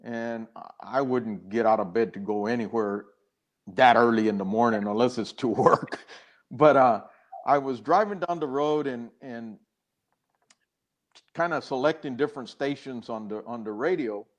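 A man's voice: medium pitch, normal speed. An older man, a guest in an interview, earnestly telling a personal story with many restarts and acted-out quoted dialogue.

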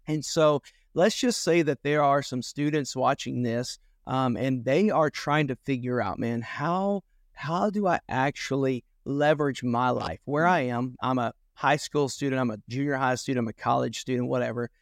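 A man's voice: mid-range voice, moderate pace, no echo. Male podcast host, mid-range voice, earnest and upbeat, dry close-mic sound. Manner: earnest, encouraging, asks long framing questions. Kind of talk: casual ministry podcast interview.

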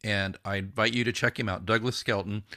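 A man from the United States hosting a podcast interview, talking in an animated, emphatic way and laughing easily. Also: on the low side, brisk. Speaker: podcast host. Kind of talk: casual interview chat.

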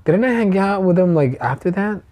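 A man's voice: high voice, lively intonation, a little fast, mellow. A man hosting a casual podcast, telling stories with lots of swearing and laughter. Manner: profane, laughing storyteller. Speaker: podcast host and stand-up comic. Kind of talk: casual chat.

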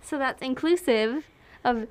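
Young woman cohost, high voice, jokey and teasing, casual podcast chat. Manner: teasing, playful, quick to correct and joke. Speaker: podcast co-host.

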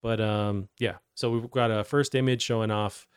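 A man's voice: fairly low pitch, steady tone, normal speed, clean tone. A man hosting a gaming news show, talking in a loose, rambling way with many fillers. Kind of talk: casual gaming news chat.

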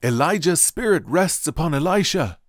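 A band of eager, urgent prophets in a spoken Bible story, as a male reader voices them, pitched well above his deep narrating voice and pressing hard. The sound is dry and close. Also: expressive, moderate pace, a little mellow, no room sound, lightly acted.

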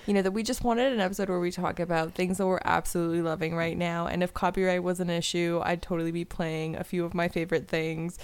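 A woman's voice: on the low side, flat delivery, fast, hardly any pauses, clean tone. A young adult woman co-hosting a podcast, chatting playfully and teasing her co-host. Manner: playful, teasing, laughs often. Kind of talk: casual chat.

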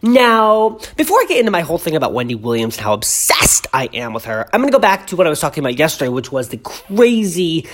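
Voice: medium pitch, very animated, fast, hardly any pauses, fairly bright tone. A congested podcast host rambling through pop-culture gossip at home, chatty and full of tangents, gushing with ironic exaggeration. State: congested, clogged throat.

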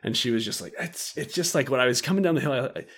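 A young man chatting on a podcast with his co-host, his pitch rising and falling freely as he spins a story. He slips into the voices of the people in it and keeps breaking into laughter. The tone is loose, easy casual chat. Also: expressive, fast, fairly bright tone, slightly rough. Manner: storytelling, acts out quotes, laughs often.

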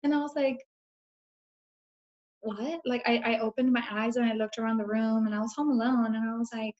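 A woman's voice: fairly high pitch, fairly even intonation, fast talker, a little mellow. A woman guest telling a personal story in an earnest, reflective way, full of casual fillers. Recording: dull lo-fi recording.

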